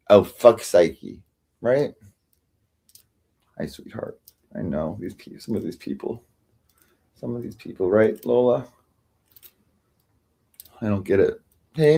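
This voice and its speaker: A tired man rambling through a casual livestream chat, halting and restarting often, swearing freely. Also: fairly low pitch, dark tone. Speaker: livestream host.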